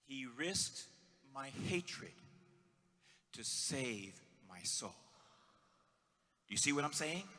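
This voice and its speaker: Male priest, middle-aged, sermon, bright ringing voice, loud and hushed by turns, long church reverb. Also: medium pitch, very animated, slow pace, pauses often. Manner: swings from shouting to hushed, storytelling.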